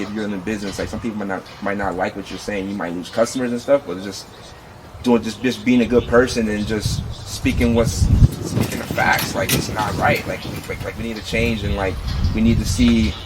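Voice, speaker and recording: A man's voice: lowish voice, fairly even intonation, a little fast, background noise. A man speaking as a guest in a casual chat, earnest and hesitant, repeating himself.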